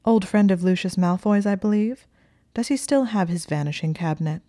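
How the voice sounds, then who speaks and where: A woman's voice: medium pitch, warm tone, no echo, clean studio sound, pitched above the performer's own voice, natural voice. Hermione, a flustered young witch, read by a woman. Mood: wry. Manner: hurried and stumbling. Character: nervous, flustered teenage witch.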